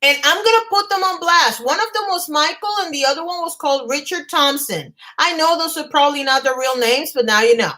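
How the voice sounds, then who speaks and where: A woman vlogger on a live stream at home, telling a story in a fast, agitated rush and stumbling over her words. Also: high-pitched, expressive, sharp tone, poor audio. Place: home apartment.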